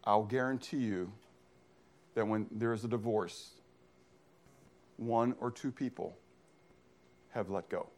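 A man's voice: on the low side, takes it slowly, pauses often. A male pastor preaching a sermon in an emphatic style, often posing questions to the congregation and then answering them himself. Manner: emphatic, uses call-and-response questions.

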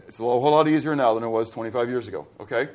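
A man's voice: mid-range voice, very fast, darkish tone. A middle-aged man from Pittsburgh preaching a sermon as pastor, quizzing his congregation with fill-in-the-blank questions. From Pittsburgh, USA.

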